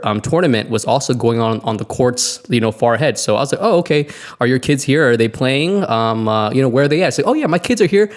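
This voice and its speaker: A man co-hosting a podcast, telling a story in casual chat, laughing and acting out the voices of the people in it. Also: medium pitch. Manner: animated, laughing, acts out quotes. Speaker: podcast co-host.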